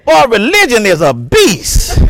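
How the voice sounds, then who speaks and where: A male pastor preaching a sermon with emphatic delivery, repeating phrases and breaking into shouts. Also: very high voice, noisy background.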